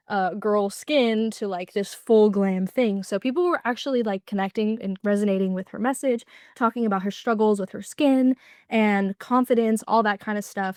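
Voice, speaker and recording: A woman's voice: medium pitch, darkish tone, dry recording, studio quality. A young woman giving a casual class presentation, explaining with lots of fillers. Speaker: student presenter.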